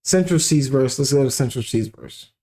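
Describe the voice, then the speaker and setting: A man hosting a casual music reaction commentary, rambling with lots of fillers and sudden animated outbursts. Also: medium pitch, normal speed. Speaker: commentary show host.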